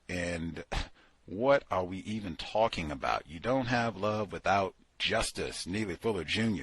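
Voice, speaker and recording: Male host, book club commentary, husky and lively, incredulous and sarcastic. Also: fairly low pitch, no echo. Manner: animated, incredulous, sarcastic asides. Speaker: podcast host.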